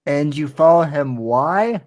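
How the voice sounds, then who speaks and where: A man hosting a podcast in casual chat, speaking haltingly with lots of restarts and a bemused tone. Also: on the high side, animated, darkish tone. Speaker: podcast host.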